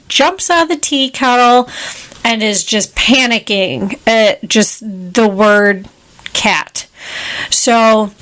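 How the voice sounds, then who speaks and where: A podcast co-host with a mid-range, fairly bright voice casually recaps a film, quoting the characters in playful voices.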